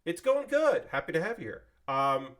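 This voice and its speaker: A man's voice: a little high, sing-song, moderate pace, a bit bright. A man chatting casually on a live stream while building, rambling and swearing freely as he thanks viewers. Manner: thanks viewers and subscribers by name.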